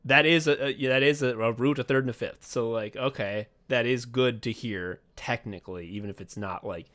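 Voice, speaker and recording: A man's voice: mid-range voice, brisk, fairly bright tone. A man co-hosting a podcast in casual comedic chat, swearing often and acting out whiny voices in his retellings. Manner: profane, sardonic, acts out whiny voices. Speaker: podcast co-host.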